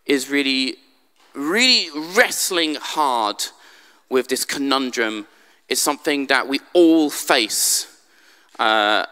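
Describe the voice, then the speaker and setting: A man's voice: medium pitch, pushed and bright, smooth. A man preaching a humorous sermon in a church, telling the story with dry jokes. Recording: long church hall reverb.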